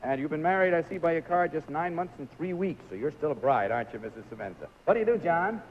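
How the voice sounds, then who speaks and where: Man, game show host, jovial and coaxing, bouncy high voice, dull old tv sound with faint hiss. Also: expressive, quick pace. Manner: jovial, coaxing, laughing instructions to contestants. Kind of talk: live TV game show hosting. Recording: lo-fi 1950s television audio.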